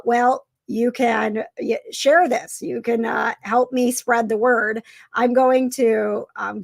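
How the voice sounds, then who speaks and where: A woman hosting a casual live stream, speaking in a halting, emotional way with many fillers and restarts. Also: fairly high pitch, gravelly, dry recording. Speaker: vlogger host.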